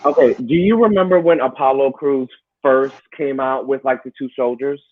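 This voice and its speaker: A man, a wrestler, talking in a casual interview, telling animated stories and laughing along the way. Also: medium pitch, normal speed, narrow, tinny audio. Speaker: wrestler guest.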